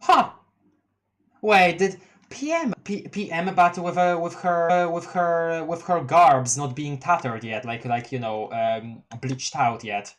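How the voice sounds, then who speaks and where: A streamer reading a webcomic live, excitable, laughing often and restarting sentences. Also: medium pitch, takes it slowly. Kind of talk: casual live-read commentary.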